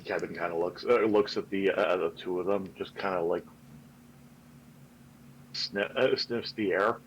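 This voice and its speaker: A man's voice: low-pitched, measured pace, lo-fi sound, slight background noise. A man narrating his characters' actions in a tabletop game, hesitant and full of fillers. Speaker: player.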